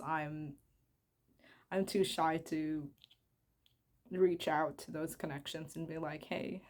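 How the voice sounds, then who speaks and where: A woman's voice: low-pitched, a little mellow. A young woman from the Philippines chatting casually to her viewers while she crafts, giggly and self-conscious, rambling as she goes. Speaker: vlogger.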